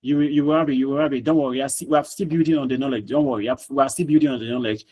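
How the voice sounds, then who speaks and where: A man's voice: medium pitch, steady tone, racing, mellow, low-quality recording. A man teaching a live online class over a video call, repeating himself and quizzing students by name.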